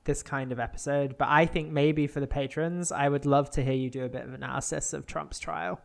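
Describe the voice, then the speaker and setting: British man, podcast co-host, teasing, chatty, mid pitch. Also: fairly even intonation, a little fast, creaky. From Britain. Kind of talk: casual podcast chat.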